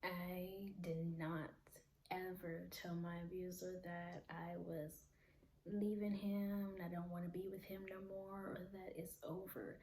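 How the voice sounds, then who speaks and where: A woman vlogger telling a personal story in an earnest way, sometimes dropping to a hushed whisper. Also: lowish voice, flat delivery, measured pace. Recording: roomy with clear background noise.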